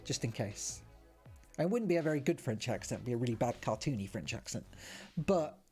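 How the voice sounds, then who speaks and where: A streamer plays through a dating game and chats playfully in bubbly casual commentary full of playful asides. The medium-pitched voice is brisk and darkish with lively intonation, and faint background music plays.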